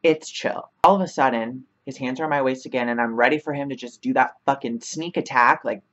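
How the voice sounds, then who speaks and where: A woman's voice: very deep voice, fairly quick, highs cut off. A young woman vlogger telling a casual storytime, chatty, filling her talk with 'like' and laughing often.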